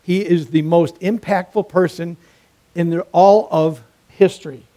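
A man's voice: high voice, steady tone, a little slow, warm tone. A man preaching a sermon, emphatic and repetitive, weaving in a joke.

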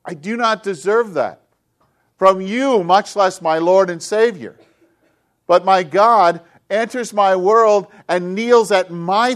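Guy preaching a sermon, kinda high voice, gets loud then goes all quiet and close. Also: slow. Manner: impassioned, drops to hushed intimate tones. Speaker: pastor.

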